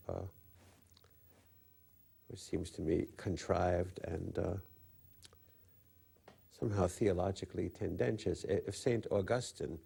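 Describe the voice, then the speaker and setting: An older man speaks in a gravelly, husky low voice, dark and mellow in tone. He talks haltingly, with frequent pauses and stammered restarts. It sounds like a call-in interview broadcast. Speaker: interview guest, literary critic.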